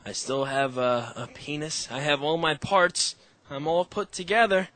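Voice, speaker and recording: A man's voice: medium pitch, moderate pace, fairly bright tone, slight background noise. A man in a casual chat with friends, joking, swearing freely and laughing often.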